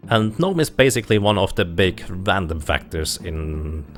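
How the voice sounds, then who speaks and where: A man giving steady, explanatory live commentary on his own speedrun. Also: low voice, normal speed, soft background music. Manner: steady explanatory, light laughs.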